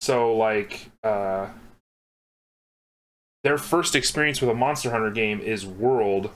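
A man's voice: on the low side, slow pace. A young man co-hosting a casual podcast, rambling and laughing as he draws, swearing now and then. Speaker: podcast co-host. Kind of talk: casual chat while drawing.

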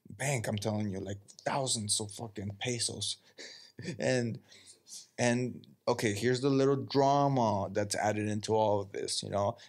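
Profane man retelling a movie. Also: lowish voice. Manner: profane, animated storytelling, acts out quotes. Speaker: podcast co-host. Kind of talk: casual chat.

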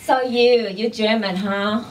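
Woman doing accusing farm mom, lower pitch, flat clipped questions, distant mic, noisy club. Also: takes it slowly. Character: blunt rich Indiana farm mom, middle-aged.

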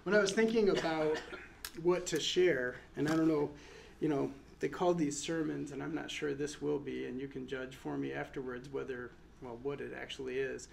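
A man's voice: mid-range voice, level tone, normal speed, creaky. A man from Michigan giving a memorial sermon and prayer as pastor, earnest and conversational, with friendly asides. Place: chapel. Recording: echoey chapel with faint noise.

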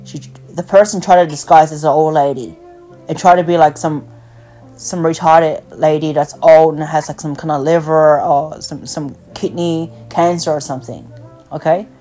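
Heard through a phone call with faint music, a woman podcast host talks casually in a blunt rant, swearing often and using lots of fillers. Her voice is low and mellow, with a steady tone and normal speed.

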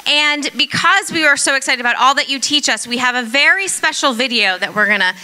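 A woman's voice: high-pitched, brisk, sharp tone. A woman hosting a parish event, making upbeat, encouraging announcements to the crowd. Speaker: event host.

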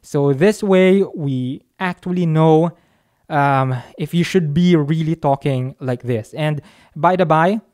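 A man's voice: a little high, slow, darkish tone. A chatty man talks right up against a dynamic studio mic at a home recording setup. His delivery is offhand and conversational, with little jokes at his own expense as he walks through a mic test. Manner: chatty and offhand, with self-mocking asides. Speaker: microphone reviewer. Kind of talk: casual mic test demo. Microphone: dynamic studio mic, talking close.

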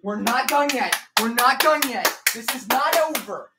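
A man streaming a live hockey watch-along, anxious and excitable, repeating the same phrases over and over. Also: very high voice, moderate pace, very noisy. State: out of breath. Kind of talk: live reaction commentary.

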